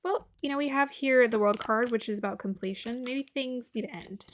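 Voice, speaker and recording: A woman's voice: fairly high pitch, a little fast, a little hiss or hum. Chatty woman reading tarot aloud. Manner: chatty, musing aloud, laughs often, drops to murmurs. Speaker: tarot reader. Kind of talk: casual tarot reading to viewers.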